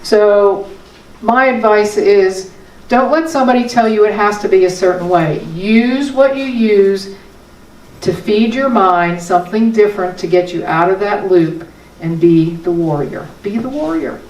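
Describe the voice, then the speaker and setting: A woman's voice: mid-range voice, measured pace, a little mellow. A woman giving a sermon as a spiritual teacher, talking in a conversational but emphatic way. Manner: conversational, emphatic, with small laughs. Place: spiritual center hall. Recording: roomy hall from a distance.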